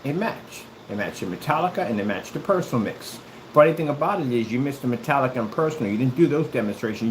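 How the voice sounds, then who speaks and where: A man's voice: medium pitch, echoey room, noisy background. A man ranting in a callout video, combative and mocking, who keeps repeating himself. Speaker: YouTuber.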